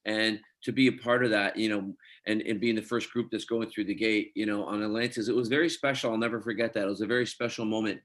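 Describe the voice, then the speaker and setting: A man's voice: on the low side, fast talker, few pauses. A middle-aged man from Scotland, an actor telling stories in a casual interview and acting out quoted dialogue. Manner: animated storyteller, quotes others in dialogue. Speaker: actor guest.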